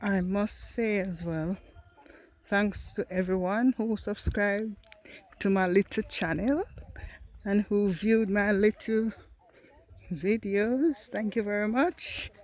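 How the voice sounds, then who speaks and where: A woman's voice: medium pitch, steady tone, slow. Jamaican woman vlogging on her farm. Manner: chatty, thanks viewers, mixes in patois. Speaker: vlogger and farmer. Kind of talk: casual vlog narration. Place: outdoors on a rural farm field.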